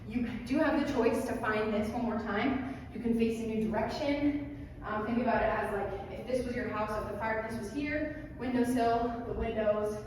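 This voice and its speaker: A woman's voice: mid-range voice, darkish tone, a little hiss or hum. A young adult woman, a dance instructor, calling out counts and cues while she dances. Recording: echoey room from far off.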